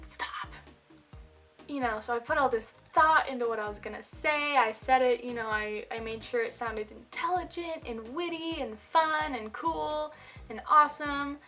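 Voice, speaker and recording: A young woman chatting to her camera in a bright, sharp-toned voice that sits a little high. She talks in a self-mocking way, full of fillers. Soft music plays faintly behind her. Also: moderate pace. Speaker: vlogger. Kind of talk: casual chat to camera.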